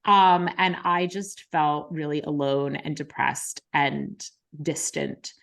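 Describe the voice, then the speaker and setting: Low-voiced woman talking frankly. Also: level tone, takes it slowly, vocal fry, a bit bright. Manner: frank, many likes and ums, emotional retelling. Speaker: podcast host. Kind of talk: candid conversational storytelling.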